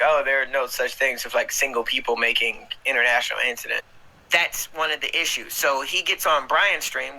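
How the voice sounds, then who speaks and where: A man's voice: medium pitch, vocal fry, pushed and bright, low-quality recording. A man co-hosting a casual live stream over a video call, joking crudely and swearing freely.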